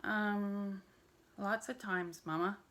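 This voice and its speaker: A huge male giant from a children's tale, played by a woman reading aloud. He bellows threats yet whimpers before his mother. Bright, slow, swinging voice. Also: fairly high pitch, very animated, pitched above the performer's own voice, exaggerated voice. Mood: whimpering. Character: huge bullying male giant, mama's boy.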